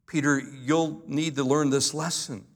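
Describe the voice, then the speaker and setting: A pastor preaches a sermon earnestly and emphatically, slowing down to stress key words and slipping in light humorous asides. His voice is on the high side with a steady tone.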